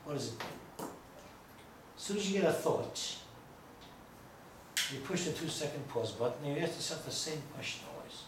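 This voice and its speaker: A rabbi with a fairly high, lively voice speaks at a moderate pace and pauses often, telling stories and joking through an informal, digressive lecture for a small audience. The room is echoey, the mic far away, and there's faint noise.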